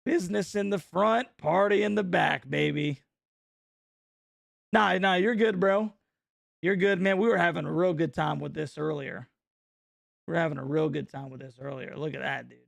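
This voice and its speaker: A man, hosting a casual live-stream reaction chat in an excitable, slangy way, laughing often and calling everyone bro. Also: on the high side, normal speed, vocal fry, long pauses, dry recording, studio quality. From North Carolina.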